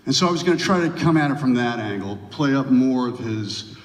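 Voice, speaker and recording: A man being interviewed on stage at a large venue, telling rambling anecdotes and breaking into animated impressions. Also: medium pitch, brisk. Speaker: guest actor. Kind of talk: onstage interview. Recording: roomy hall, distant mic.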